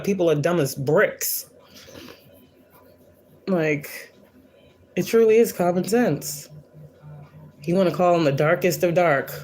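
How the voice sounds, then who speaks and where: This woman's voice is fairly low and a little mellow. She hosts a casual spiritual livestream as a spiritual reader, speaking bluntly and profanely in a preachy, defiant way and often repeating lines for emphasis.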